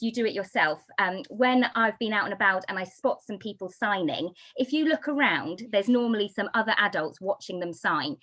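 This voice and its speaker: A woman from the United Kingdom giving a talk on baby sign language, explaining with lively, sing-song emphasis. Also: medium pitch. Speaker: baby signing instructor. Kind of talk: talk to an audience.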